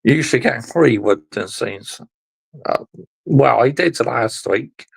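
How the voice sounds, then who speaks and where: Brief: man, fan vlog rant, slow delivery with wild pitch swings, sarcastic and fed up. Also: expressive, gravelly, husky. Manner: exasperated, sarcastic, swears, keeps addressing "people". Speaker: football fan vlogger.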